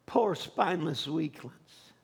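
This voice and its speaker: Gravelly high-voiced male preacher. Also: animated, slow pace. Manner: swings from quiet storytelling to shouted fervor. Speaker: pastor. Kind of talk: sermon.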